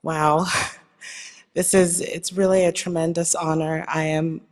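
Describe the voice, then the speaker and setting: A woman's voice: low-pitched, little pitch movement, a little slow, a little mellow, faint music behind. A woman from Nigeria with a Nigerian accent, giving a heartfelt award acceptance speech with faith and self-deprecating humor. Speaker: award honoree. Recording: long hall reverb.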